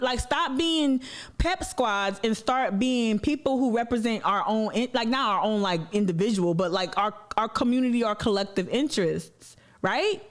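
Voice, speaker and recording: A woman hosting an activist panel discussion, talking in an animated, slangy way and swearing freely. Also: fairly high pitch. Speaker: activist show host.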